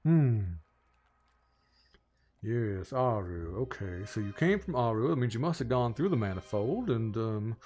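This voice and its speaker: A man voicing an older, bald, showy male city lord in a tabletop game, with a loud, grandly polite, folksy put-on Southern drawl. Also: mid-range voice, expressive, unhurried, faint music behind, natural voice. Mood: probing.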